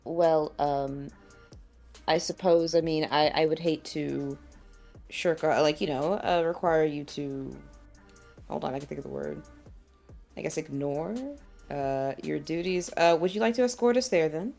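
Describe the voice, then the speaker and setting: Casting: low-voiced woman player, courteous, stumbling over her words. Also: creaky, darkish tone, faint music behind. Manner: halting, polite, searches for words. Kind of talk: in-character tabletop play.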